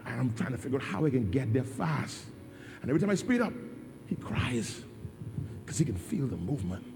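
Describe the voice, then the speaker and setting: A middle-aged man, a pastor, preaching a sermon in a dramatic storytelling way that swings from hushed to loud. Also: medium pitch, very animated, a little fast, creaky, faint music behind.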